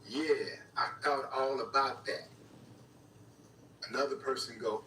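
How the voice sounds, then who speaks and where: A man's voice: mid-range voice, moderate pace, long pauses, sharp tone. A man commenting on an audio recording in a played clip, speaking to viewers and repeating the words he hears in it. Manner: talks to viewers, voices what he hears in the audio. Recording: echoey room from far off, faint noise.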